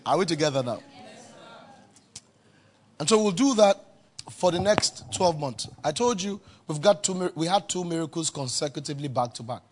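A man's voice: a little high, expressive, normal speed, long pauses. A man preaching a sermon as pastor, emphatic and calling out to the congregation for responses.

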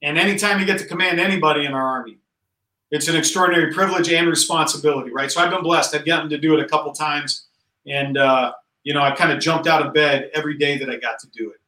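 A man's voice: steady tone, quick pace, sharp tone, roomy sound, far from the mic, rough recording. A man in his forties, an army general, talking earnestly and emphatically in a conversational interview. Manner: emphatic and earnest, rising in pitch as he stresses points. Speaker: Army general, podcast guest.

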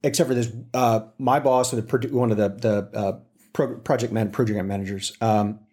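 A man telling a story in an interview, with animated delivery and frequent restarts. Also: lowish voice, normal speed. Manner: animated, acts out quotes with voices. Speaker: interview guest. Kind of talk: casual storytelling.

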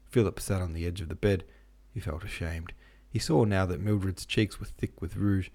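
A man with a very deep voice narrates a classic novel for an audiobook. His reading is steady and measured throughout. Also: slightly rough. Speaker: audiobook narrator and podcast host.

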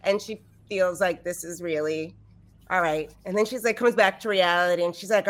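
Woman, tabletop player, rambling animated narrator, filler-heavy. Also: fairly low pitch, normal speed. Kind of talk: casual game narration.

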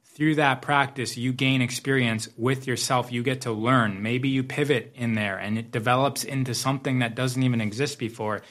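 A man's voice: medium pitch, fairly even intonation, normal speed, few pauses, a bit bright. A man speaking as a business coach in a motivational talk, reflective and fond of metaphors, often repeating phrases.

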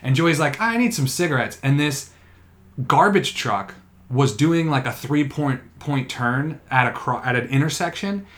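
A man's voice: mid-range voice, unhurried, fairly bright tone. Man telling rambling, profane stories on a podcast. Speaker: podcast co-host or guest. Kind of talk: casual podcast chat.

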